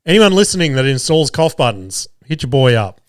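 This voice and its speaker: Aussie guy under the weather rambling fight picks, swears a lot, smooth voice, dry studio sound. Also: medium pitch, sing-song, brisk, dry recording. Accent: Australian. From Australia. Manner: rambling, swears often, many restarts and fillers. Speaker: podcast host. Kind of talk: casual sports betting chat. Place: small studio. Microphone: studio mic.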